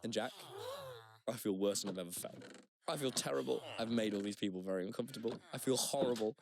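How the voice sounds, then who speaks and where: A man's voice: lowish voice, quick pace, vocal fry. A man, a comedian and podcast co-host, rambling through self-mocking stories in casual chat.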